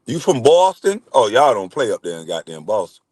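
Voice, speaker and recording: A man's voice: fairly low pitch, big pitch swings, brisk, darkish tone, no room sound. A man, hosting a casual livestream and bantering loosely with chat, swearing and laughing. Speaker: livestream host.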